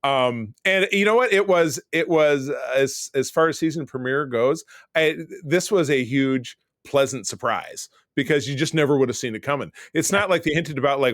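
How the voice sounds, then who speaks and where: A man's voice: medium pitch, moderate pace, a bit bright, no room sound, clean studio sound. A man hosting a podcast, rambling through casual recaps of movies and shows. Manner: rambling, chatty show recaps. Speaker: podcast host. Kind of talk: casual chat.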